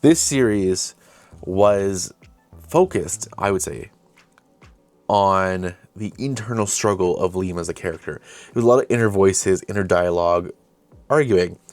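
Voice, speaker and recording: A man's voice: low-pitched, unhurried, a little mellow, dry recording, soft background music. A young man hosting his own channel, casually recounting an old project in a rambling, self-correcting way. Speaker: host. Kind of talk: casual retrospective chat.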